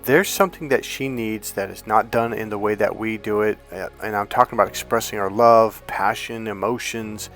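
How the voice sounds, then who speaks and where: A man's voice: lowish voice, steady tone, normal speed, few pauses, a bit bright, soft background music. Emphatic, profane male dating coach. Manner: emphatic, profane, with lots of restarts and acted-out quotes. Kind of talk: sales pitch for a course.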